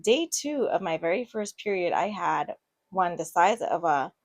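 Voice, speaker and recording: A woman's voice: fairly low pitch, animated, unhurried. A woman casually reading online posts aloud and reacting to them with chatty, giggly asides. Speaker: online story reader and commentator.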